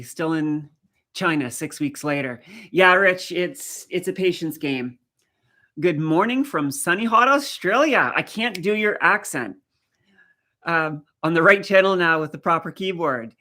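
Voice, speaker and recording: A woman's voice: low voice, a bit bright. A middle-aged woman from the Canadian Maritimes with a faint Maritime accent, chatting casually on a live stream and answering viewer comments as she goes.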